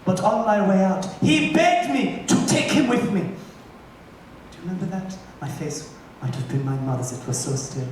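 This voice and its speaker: A man's voice: sits high, animated, moderate pace, slight background noise. A man playing a brash, campy glam rock drag diva who teases her band and audience in live stage musical banter. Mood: wry. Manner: camp, sardonic, teasing the band and audience. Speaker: stage show frontwoman. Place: large theater stage. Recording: echoey live theater from far off with loud audience.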